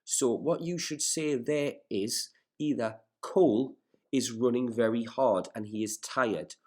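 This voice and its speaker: A male teacher reading a story aloud in a recorded lesson, stopping to explain words and setting questions in a patient, measured way. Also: mid-range voice, a little mellow. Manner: careful, measured classroom delivery.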